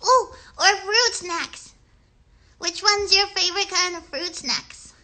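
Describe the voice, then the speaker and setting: Woman voicing a very high, bright little girl puppet; chatty, rambling, talks slowly to kids. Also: exaggerated voice. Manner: rambling, hesitant, talks straight to young viewers. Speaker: puppet show host. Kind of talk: children's puppet livestream.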